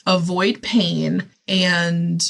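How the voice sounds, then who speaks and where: A young adult woman speaking casually on her own podcast, her voice sitting slightly low for a woman. She rambles candidly, circling back with fillers and restarts, and is frank and self-deprecating about her own work. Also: flat delivery, extremely slow, creaky, a bit bright. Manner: rambling, heavy use of "like" and restarts. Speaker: podcast host and writing coach. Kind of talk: casual solo podcast monologue.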